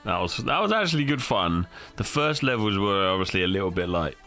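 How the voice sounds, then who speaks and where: A man's voice: low-pitched, lively intonation, a little fast, sharp tone, soft background music. A tired man chatting casually on his livestream, rambling and swearing easily. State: tired and rough. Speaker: livestream host. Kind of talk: casual stream chat.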